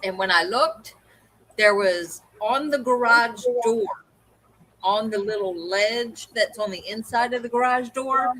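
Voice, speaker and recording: A woman co-hosting a livestream, telling an animated story in casual chat and acting out the voices of the people in it. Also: fairly high pitch, unhurried, low-quality recording. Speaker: co-host.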